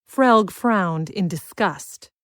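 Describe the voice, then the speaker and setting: A woman's voice: mid-range voice, no room sound. Woman narrating a storybook, dry and close. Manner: measured, expressive storytelling. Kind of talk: scripted audiobook narration.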